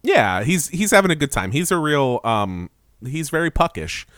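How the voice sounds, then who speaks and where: A man's voice: fairly high pitch, big pitch swings, normal speed, fairly bright tone, no room sound, studio quality. A man co-hosting a podcast, recapping a cartoon in casual chat, rambling and laughing as he quotes the characters. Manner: rambling, laughing, quoting characters in goofy voices. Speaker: podcast co-host.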